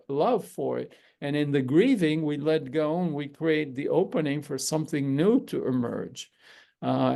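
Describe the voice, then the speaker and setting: A middle-aged man hosting a spiritual gathering, giving a calm, measured teaching talk to a group with frequent pauses and fillers. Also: fairly high pitch, gravelly.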